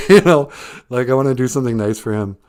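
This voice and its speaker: A man's voice: mid-range voice, a little fast, darkish tone. A man hosting a casual live stream, reading out viewer comments, often chuckling and thinking aloud in a reflective way.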